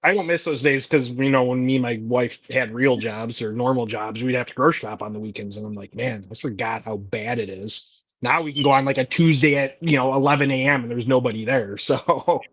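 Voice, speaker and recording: Laid-back guest, man in his thirties, chatty and rambling, flat lo-fi dry mic. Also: mid-range voice, a little fast, few pauses, no echo. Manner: chatty, rambling, laughs easily. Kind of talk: casual livestream chat.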